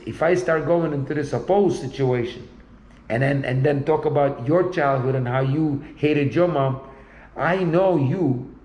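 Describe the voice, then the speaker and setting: A man's voice: fairly high pitch, a little mellow, echoey room, rough recording. A man in casual conversation, talking bluntly and rambling, often repeating himself.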